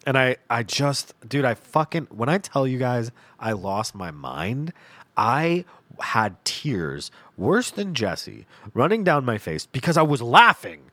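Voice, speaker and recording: A man hosts his own podcast, spinning a comedic story with lively swings in pitch and plenty of profanity. His voice sits at a middle pitch, recorded dry and close to the mic. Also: takes it slowly, no room sound. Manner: animated, profane, laughs through his story. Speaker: podcast host.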